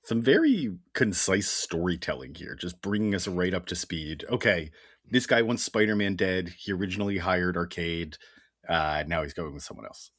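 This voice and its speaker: A man with a very low voice that still moves a lot in pitch, joking around on a close mic. His banter is wry and quick, and he laughs easily. The recording is dry and close. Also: expressive, fairly bright tone, dry recording. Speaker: podcast co-host. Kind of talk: casual comic book podcast chat.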